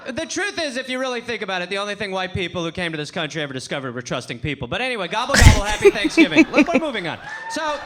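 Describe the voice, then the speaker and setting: A man performing a stand-up comedy set at a live venue, animated and slipping into voices as he goes. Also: high-pitched, very fast, hardly any pauses, a crowd in the background. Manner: animated, acts out voices, laughs mid-joke. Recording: live show, faint audience.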